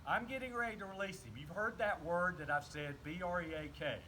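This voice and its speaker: A man's voice: high voice, a little fast. Southern man teaching dog training outdoors. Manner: calm, explains while giving short commands. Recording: noisy outdoor recording.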